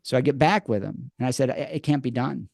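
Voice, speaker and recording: A man telling his story as a podcast guest in a lively, conversational way. He restarts and repeats words and acts out quotes from the past. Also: medium pitch, fairly quick, vocal fry, no room sound, studio quality. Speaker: podcast guest, addiction program co-creator.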